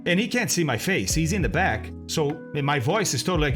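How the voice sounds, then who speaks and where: A man's voice: fairly high pitch, expressive, normal speed, hardly any pauses, music in the background. A man, a streamer animatedly commenting on his own talk and laughing often. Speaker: streamer and flight sim host.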